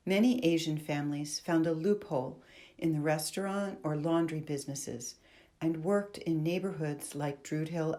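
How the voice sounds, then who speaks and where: A woman's voice: deep voice, mellow. A young student woman giving an informative historical narration between monologues. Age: young adult.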